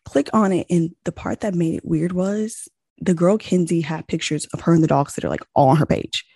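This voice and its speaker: A young woman chatting casually, telling a long story with animated retellings of quoted exchanges and lots of "like.". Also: lowish voice, fairly quick, husky, no echo, studio quality. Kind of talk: casual chat.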